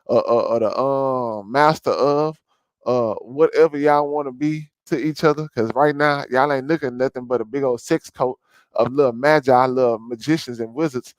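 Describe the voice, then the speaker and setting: A man's voice: mid-range voice, moderate pace, no room sound, rough recording. A man hosting a vlog, ranting and preaching over a clip and calling his listeners family. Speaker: vlog host. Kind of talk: ranting commentary over a played video.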